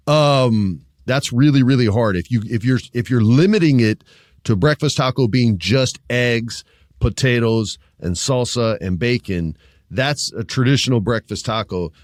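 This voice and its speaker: A man co-hosting a podcast in relaxed, casual chat, calling people dude and bro. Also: lowish voice, normal speed, no room sound, clean studio sound. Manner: laid-back, says dude and bro. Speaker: podcast co-host.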